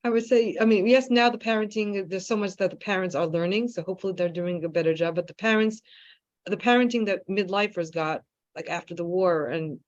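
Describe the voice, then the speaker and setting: A woman's voice: mid-range voice, fairly quick. A woman hosting an interview, supportive and chatty, offering brief affirmations as she thinks aloud. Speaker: podcast host. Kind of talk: casual interview chat. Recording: dull lo-fi sound.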